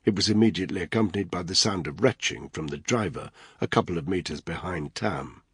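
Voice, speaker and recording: A man narrates an action thriller audiobook in a steady, even manner. His voice is deep with a husky edge. The recording is dry and close, with no room sound. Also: a little fast, no room sound.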